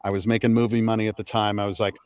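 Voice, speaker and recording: A middle-aged man, a guest on a chat stream, telling animated anecdotes with casual swearing. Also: lowish voice, very fast, smooth, dry recording.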